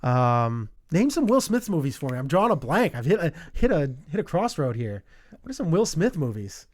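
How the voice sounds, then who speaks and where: A man's voice: a little high, very animated, normal speed. A man co-hosting a casual movie podcast, rambling and self-deprecating. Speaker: podcast co-host. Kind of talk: casual chat.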